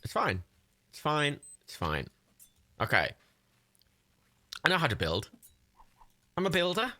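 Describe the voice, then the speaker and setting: A man's voice: a little high, wildly swooping pitch, slow, sharp tone. A young man chatting casually while playing a building game, often confused, laughing and swearing. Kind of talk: casual gameplay chat.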